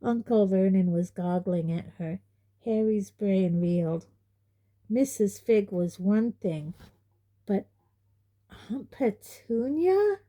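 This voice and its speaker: Slow, dark-voiced woman narrating an audiobook. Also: mid-range voice. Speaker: audiobook reader.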